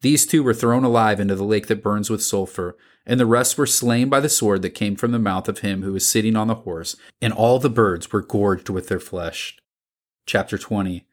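A man with a somewhat low voice reads scripture aloud. His delivery is measured and deliberate, and he pauses between the items of each list. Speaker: scripture reader.

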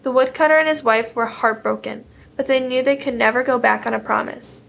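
Woman reading a fairy tale out loud, steady pace, kinda high and gravelly. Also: fairly quick. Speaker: storyteller. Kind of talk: storybook reading.

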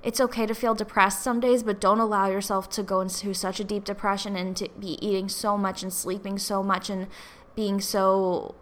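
Bright-voiced chatty woman podcast host. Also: medium pitch, little pitch movement, normal speed, slight background noise. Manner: rambling, chatty, many "like" fillers. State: tearful, has been crying. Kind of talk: casual solo podcast talk.

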